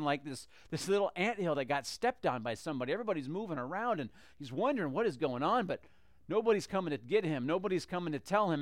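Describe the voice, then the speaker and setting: High-voiced man telling a story. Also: no echo, clean studio sound. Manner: lively, conversational, with frequent restarts. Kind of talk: animated Bible story retelling.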